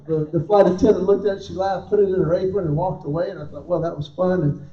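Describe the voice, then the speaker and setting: A male comedian tells animated stories to a live audience and plays out both sides of each conversation. His voice is high but mellow. He is picked up from a distance in an echoey hall, and the sound is dull and lo-fi. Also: quick pace. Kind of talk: stand-up comedy with a faith message. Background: audience laughter.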